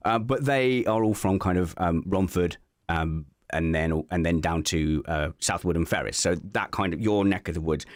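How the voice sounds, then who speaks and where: A man's voice: low voice, normal speed, no room sound, studio quality. An English man with a North Essex accent, hosting a casual chat over a video call in a jokey way. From England. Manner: jokey, animated, breaks into mock accents. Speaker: podcast host.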